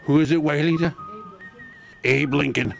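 Gravelly rambling radio host. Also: male voice, fairly high pitch, steady tone, moderate pace, faint music behind. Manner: rambling, stammering, laughs a lot. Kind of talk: radio show chat.

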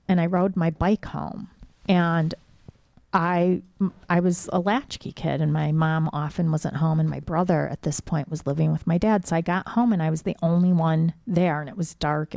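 Gravelly dark-voiced woman telling stories. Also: lowish voice, dry recording. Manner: suspenseful, conversational storytelling with frequent "like" fillers. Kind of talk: casual storytelling chat.

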